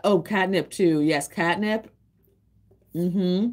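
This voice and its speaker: A woman with a low voice hosts a casual livestream. She talks in a rambling, emotional way and often restarts her sentences. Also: a little slow, a little mellow. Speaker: livestream host and tarot reader.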